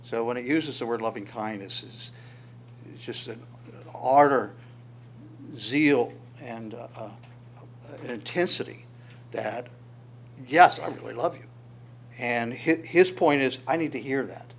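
A man preaching an expository sermon in a conversational, searching way, with quick asides. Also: mid-range voice, slight background noise.

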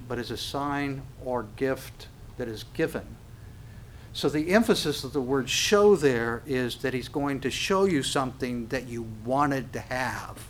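A man preaching a sermon on scripture, animated, acting out little dialogues and often laughing. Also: medium pitch.

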